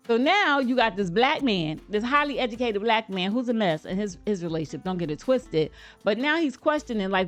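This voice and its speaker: Woman, from the United States, reaction video host, casual chatty commentary, mid-pitched voice, soft music underneath. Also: expressive, moderate pace. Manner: chatty, talks straight to viewers, playful asides.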